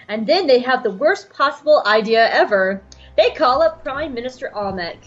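A woman co-hosting a podcast, giving an animated comedic episode recap and laughing at her own slips. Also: fairly high pitch, normal speed. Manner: animated, laughing, self-correcting. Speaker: podcast co-host. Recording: dull lo-fi sound with faint music.

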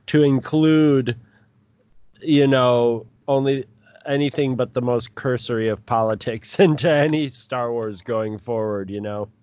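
A man's voice: medium pitch, unhurried, a little mellow, dry recording. Brief: male co-host, loose rambling talk, dry, dull lo-fi audio. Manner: rambling, filler-heavy. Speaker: podcast co-host. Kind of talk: casual chat.

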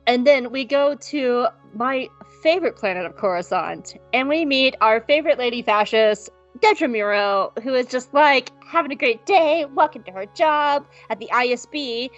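A high-pitched, fairly bright woman co-hosts a podcast at a moderate pace with hardly any pauses. She rambles and jokes through a casual recap, swearing often, over dull lo-fi audio with faint music.

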